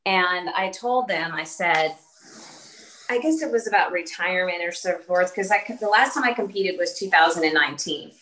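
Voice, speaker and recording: A woman's voice: lowish voice, normal speed, sharp tone, rough recording. A woman in her late forties, a fitness trainer, chatting earnestly in a casual podcast interview, speaking in short restarting phrases. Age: 40s.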